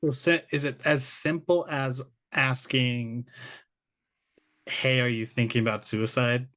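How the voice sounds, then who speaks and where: A man's voice: medium pitch, flat delivery, slow pace, fairly bright tone. A man hosting an interview podcast, asking questions and sharing stories in an earnest, casual way, often restarting his sentences. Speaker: podcast host.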